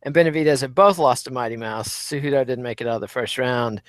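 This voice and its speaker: A man co-hosting a podcast. He talks in a measured, wry, analytical way. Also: mid-range voice, fairly bright tone, no room sound. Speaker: podcast co-host. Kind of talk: casual chat.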